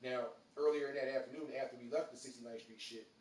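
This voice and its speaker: A man's voice: mid-range voice, quick pace. A man, hosting a live radio show and telling a street story in loose slang, acting out the voices of the people in it. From Philadelphia. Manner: animated, acts out quoted voices, streetwise slang. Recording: roomy, distant mic with faint noise.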